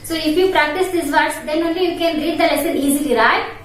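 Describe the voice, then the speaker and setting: A woman with an Indian English accent teaching an online English class to young children, spelling each word letter by letter and repeating it. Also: sits high. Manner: slow, spells words letter by letter and repeats them. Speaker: primary school English teacher. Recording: echoey room, distant mic, faint noise.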